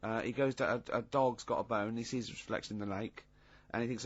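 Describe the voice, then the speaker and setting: A man hosting a radio talk show in a studio, halting and teasing, breaking into high laughter. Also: steady tone. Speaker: radio host. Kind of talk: casual radio banter. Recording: dull lo-fi radio recording, dry.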